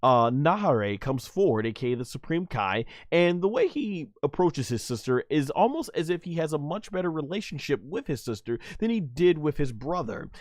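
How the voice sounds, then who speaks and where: A man's voice: on the high side, sing-song, moderate pace, hardly any pauses, no room sound. Chatty man recapping an episode, dry sound. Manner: rambling, with many fillers and restarts, chuckling often. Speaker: anime episode reviewer, channel host. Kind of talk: casual spoken episode recap.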